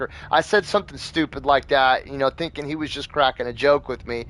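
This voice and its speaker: A man's voice: medium pitch, a little fast, few pauses, a bit bright. Rambling, foul-mouthed man telling a story. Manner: rambling, profane, full of fillers. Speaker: gaming channel host. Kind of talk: casual storytelling.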